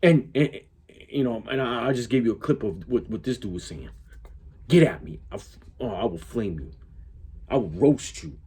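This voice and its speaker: Husky rambling reaction host. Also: male voice, mid-range voice, animated, moderate pace, warm tone. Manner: rambling, swears freely. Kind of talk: casual reaction commentary.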